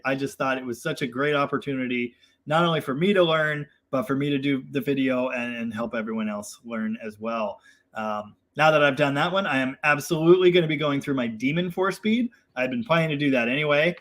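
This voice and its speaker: A man's voice: medium pitch, fairly bright tone. A young man hosting a casual live chat, reading viewer comments and rambling in a self-deprecating way with lots of fillers.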